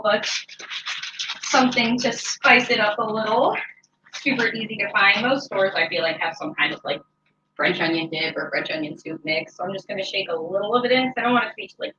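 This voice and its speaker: A woman's voice: mid-range voice, bright, forceful tone, a little hiss or hum. A woman hosting a cooking show, chatting casually and joking as she works through a recipe in her home kitchen, with a lot of "like" in her speech. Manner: chatty, jokey, peppered with "like". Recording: echoey, slightly dull home recording.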